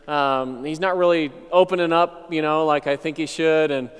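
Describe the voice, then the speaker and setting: Smooth-voiced pastor in a reverberant hall. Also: male voice, on the high side, steady tone. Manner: conversational, unhurried, reflective. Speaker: missionary pastor. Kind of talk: personal testimony storytelling.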